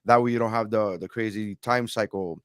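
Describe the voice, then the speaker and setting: A man's voice: fairly low pitch, fairly even intonation, moderate pace, no echo, studio quality. A man co-hosting a podcast, telling a long, rambling travel story with many restarts. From immigrant to America. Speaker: podcast co-host. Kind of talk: casual storytelling chat.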